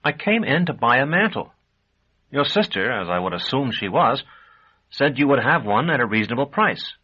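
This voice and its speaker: A man's voice: medium pitch, very animated, normal speed, breathy edge, voice pushed up. A man reading a terse young torturer. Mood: indignant. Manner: terse, firm. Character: young male journeyman torturer, curt and guarded. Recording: dull lo-fi audio.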